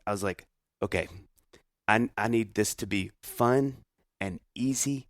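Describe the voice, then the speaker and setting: Low-voiced man telling a story. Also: measured pace, dry recording, clean studio sound. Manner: storytelling, animated quoting. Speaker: podcast host. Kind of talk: casual conversation.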